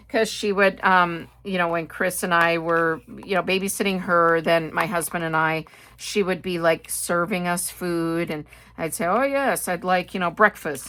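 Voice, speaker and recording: Chatty Midwestern woman, slightly low voice. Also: a bit bright. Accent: Midwestern American. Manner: chatty, rambling, with frequent fillers and asides. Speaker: haul video host. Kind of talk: casual chat.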